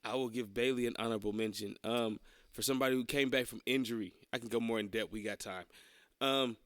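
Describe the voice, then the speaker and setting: Raspy-voiced man, dry close sound. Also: mid-range voice, steady tone, fast talker, a bit bright, no echo. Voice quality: raspy smoker's voice. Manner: blunt and profane, joking. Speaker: podcast co-host. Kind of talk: casual wrestling chat.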